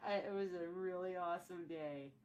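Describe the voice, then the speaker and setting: A woman's voice: on the low side, moderate pace, darkish tone. A woman in her forties tells a childhood story in a casual vlog, rambling and repeating her phrases as she goes. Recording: distant mic, faint background noise.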